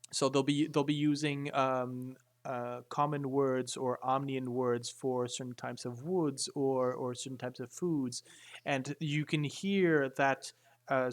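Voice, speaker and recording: Halting man narrating a tabletop game. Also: medium pitch. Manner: halting, full of fillers and restarts. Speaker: game master.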